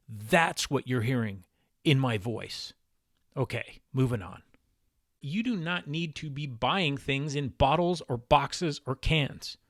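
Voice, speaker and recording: A man's voice: medium pitch, animated, measured pace, no echo, clean studio sound. A man talking in a casual instructional vlog about diet, emphatic, exasperated and blunt. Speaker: keto diet vlogger.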